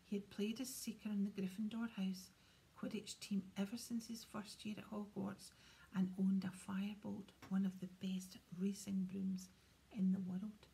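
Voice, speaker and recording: Woman whispering a storybook, gravelly hush. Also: mid-range voice, moderate pace. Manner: steady, hushed whisper. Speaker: audiobook reader. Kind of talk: whispered audiobook narration.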